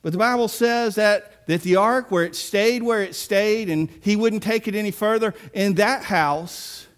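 Man, pastor, sermon, high voice, chatty, plays out quoted voices. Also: measured pace. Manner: conversational preaching with mock-quoted voices and asides.

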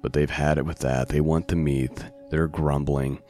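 In a warm, extremely low voice with fairly even intonation, a man teaches a Bible passage on a podcast at a normal pace. He keeps it conversational, often checking in with the listener with "right?" and "okay?", as soft music plays behind him.

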